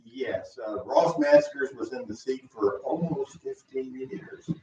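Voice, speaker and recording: A man's voice: medium pitch, lively intonation, slow, darkish tone. Folksy rambling male radio guest. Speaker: radio guest, school board candidate. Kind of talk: casual on-air chat. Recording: roomy, distant, dull sound with faint noise.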